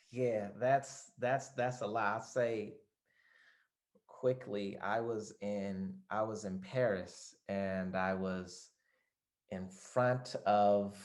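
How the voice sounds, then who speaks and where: A man from the United States hosting a podcast, who tells stories in a casual, animated way. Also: lowish voice. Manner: animated, laid-back storytelling. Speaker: podcast host.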